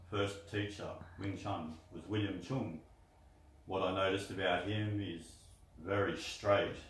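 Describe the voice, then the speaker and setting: In a low voice, a man gives casual, rambling instruction in martial arts breathing, guiding the listener through breathing counts. The mic is distant in an echoey room, with a little hiss or hum.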